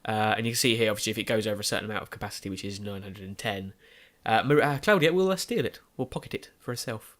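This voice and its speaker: A man's voice: on the low side, fast talker, fairly bright tone. A young man with a cold and a nasal voice, giving rambling, self-correcting let's play commentary while gaming at home. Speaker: gaming YouTuber.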